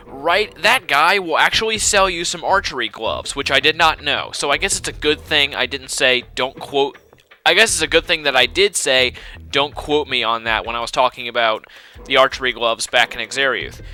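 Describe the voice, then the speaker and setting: A man's voice: a little high, expressive, normal speed, bright, forceful tone. A man giving casual, rambling commentary over a video game, slightly out of breath. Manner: chatty, rambling, with fillers and asides. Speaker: let's play narrator.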